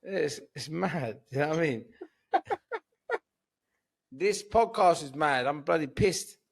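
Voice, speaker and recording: A comedian from Cyprus, guesting on a podcast, rambles and swears freely while drunk and sleepy. His voice is slightly high, expressive and gravelly with a little roughness, and he talks a bit slowly in this casual chat.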